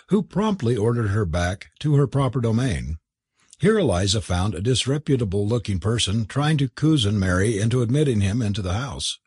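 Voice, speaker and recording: A man narrating a novel as an audiobook in an expressive, measured storytelling manner. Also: mid-range voice, slightly rough, dry recording, clean studio sound.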